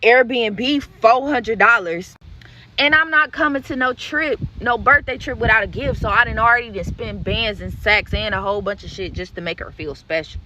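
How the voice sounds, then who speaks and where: Bright-voiced woman ranting a storytime. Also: on the high side, moderate pace, a little hiss or hum. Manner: blunt and profane, acts out other people's lines. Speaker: social media creator. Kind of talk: casual storytime rant.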